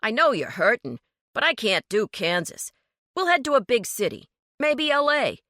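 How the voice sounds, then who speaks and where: A woman voicing a brash, greedy man who mocks and shouts when crossed. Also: fairly high pitch, big pitch swings, normal speed, no echo, clean studio sound, voice pushed up. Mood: eager. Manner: loud, sneering outbursts. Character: brash, greedy man, mocking and quick to anger.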